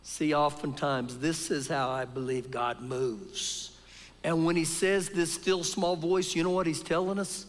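A man preaching a sermon at a live church service, dropping to quiet, low passages and rising to loud, shouted peaks. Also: steady tone, a little slow. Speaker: pastor. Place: church sanctuary. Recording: live church service in a big reverberant room.

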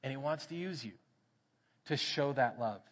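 Texan male pastor, lively sermon storyteller, bright edge, church hall reverb. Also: mid-range voice, moderate pace. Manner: animated storytelling, acts out quoted voices. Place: church sanctuary.

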